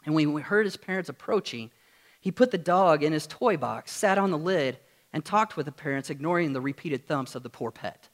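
A man's voice: on the high side, lively intonation, fairly quick. A pastor preaching a sermon to his congregation in a church, earnest and full of rhetorical questions. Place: church sanctuary with screen.

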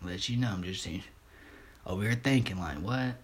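A man's voice: deep voice, brisk. A man hosting a casual solo podcast, talking in a laid-back, rambling, profane way, stuttering and restarting often. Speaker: podcast host.

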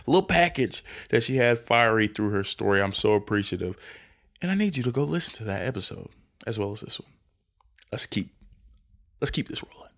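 Gravelly young man ranting on his podcast. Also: on the low side, brisk, long pauses. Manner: animated, self-interrupting, jumps between loud bursts and quiet asides. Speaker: podcast host. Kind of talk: solo podcast rant. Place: indoors, lying down recording at home.

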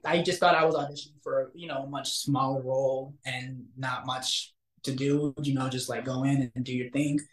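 A young man, an actor, telling a story in a casual interview, animated and acting out the quotes. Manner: animated, acts out quotes with big pitch jumps. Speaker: actor guest. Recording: roomy echo.

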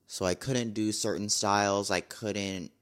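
A man's voice: on the low side, fairly even intonation, a little slow, a bit bright, clear, resonant tone. A young man talking casually to camera in a vlog, blunt and exasperated, repeating his complaints. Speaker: vlogger.

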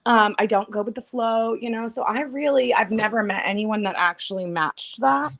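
A woman's voice: fairly high pitch, moderate pace, gravelly, few pauses, a bit bright. A woman guest in an interview, earnestly describing herself and her experience. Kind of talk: casual interview.

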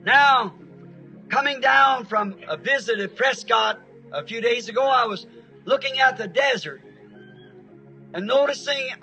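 Folksy male preacher from Arizona who tells stories; high, bright voice. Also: unhurried, pauses often, faint music behind, rough recording. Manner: folksy, plain-spoken, homespun grammar. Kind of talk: storytelling sermon.

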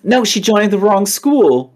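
A podcast co-host recapping a chapter in casual chat, animated and acting out characters in quick voices. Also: mid-range voice.

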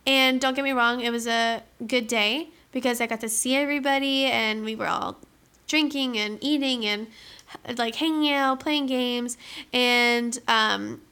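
A young woman talks in a relaxed, chatty way and keeps returning to "like." Her voice sits a bit high and sounds bright and clear, and she laughs a little as she tells her story. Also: measured pace. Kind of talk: casual chat.

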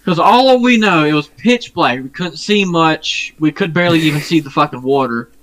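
A man co-hosting a podcast, telling a long story in casual chat, rambling and profane, often pausing on fillers. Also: on the high side, lively intonation, a bit bright, slight background noise. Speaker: podcast co-host.

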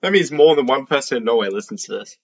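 A mid-pitched man eagerly quizzes his co-hosts during a casual podcast chat. The audio is dull and lo-fi. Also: lively intonation, fast talker. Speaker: podcast co-host.

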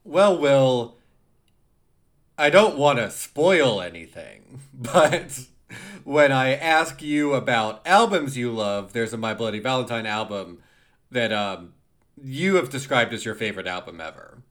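A man co-hosting a music podcast in relaxed conversation. He laughs often and stumbles into repeated words as he talks. His voice sits in an ordinary middle pitch. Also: measured pace. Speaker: podcast co-host. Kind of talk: casual chat.

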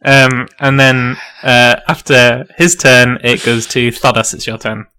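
A man's voice: medium pitch, level tone, measured pace, sharp tone, clean tone. A man running a tabletop game as game master, loose and chatty with lots of fillers.

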